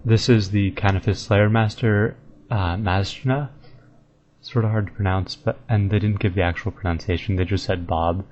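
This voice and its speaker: A man giving casual, relaxed commentary on a video game, thinking aloud and sounding out unusual names slowly. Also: lowish voice. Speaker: video game guide maker. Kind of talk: casual commentary over gameplay. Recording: dull lo-fi mic with faint hiss.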